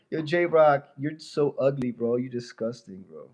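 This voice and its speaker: A man's voice: mid-range voice, lively intonation, measured pace, a little mellow. A young man on a casual livestream with a stuffy nose from a fever, mocking and trash-talking a viewer in his chat.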